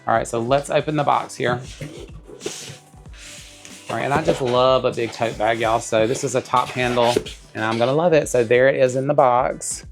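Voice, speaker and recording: A man's voice: medium pitch, fairly even intonation, moderate pace, gravelly, pauses often, music in the background. A man chatting enthusiastically to his viewers while unboxing a tote bag at home. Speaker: bag reviewer. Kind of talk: casual unboxing vlog.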